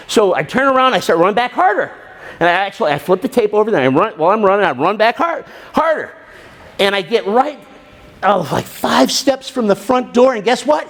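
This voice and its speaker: A middle-aged man speaks to an audience in a fairly high voice. He tells his story with lots of energy and acts out the other people's voices as he goes. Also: big pitch swings, a little fast.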